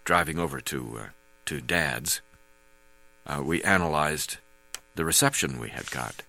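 A man reading his memoir aloud as narrator, halting with frequent fillers. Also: rumbling low, vocal fry, pushed and bright.

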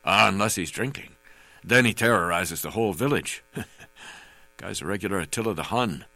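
Man reading as a croaking, crude old rancher. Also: low voice, lively intonation, normal speed, bright, forceful tone, dry recording, exaggerated voice. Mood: jovial. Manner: blunt, swearing, jovial. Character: crude hard-drinking heavyset older rancher magistrate, man.

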